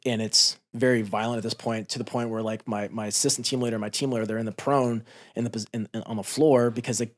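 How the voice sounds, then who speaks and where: Low-voiced man telling a war story. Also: steady tone, fast. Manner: intense, profane, re-enacts shouts. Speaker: podcast guest, former Marine. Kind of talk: candid storytelling. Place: podcast studio.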